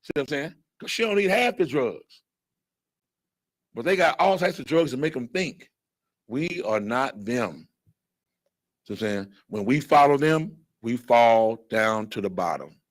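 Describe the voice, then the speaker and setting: A man teaching a blunt, animated Bible lesson who acts out other people's voices as he goes. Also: medium pitch, a little slow. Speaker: scripture teacher. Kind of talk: fiery street-style Bible lesson.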